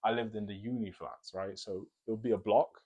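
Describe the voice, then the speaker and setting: A young man from the UK telling animated, ranting stories in a casual storytime chat. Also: fairly low pitch, brisk, husky, muffled recording. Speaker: co-host.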